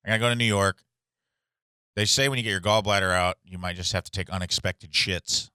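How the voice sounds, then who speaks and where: A man's voice: sits low, fairly even intonation, fairly quick, pushed and bright, clear, resonant tone, dry recording, clean studio sound. A man on a casual comedy podcast, ranting and swearing as he tells a story and mocks people in impressions. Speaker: podcast co-host.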